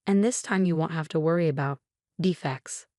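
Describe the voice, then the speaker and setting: A woman's voice: low-pitched, moderate pace, mellow, dry recording, clean studio sound, close to an everyday voice. A woman reading the lines of a cold, falsely sympathetic older mother-in-law in a scripted story, her voice sugary. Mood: falsely sweet.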